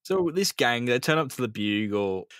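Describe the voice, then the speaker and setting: A man's voice: medium pitch, expressive, normal speed, a bit bright, smooth, no room sound, studio quality. A man, co-hosting a podcast and retelling a comic with crude jokes. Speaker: podcast co-host. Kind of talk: casual comic recap chat.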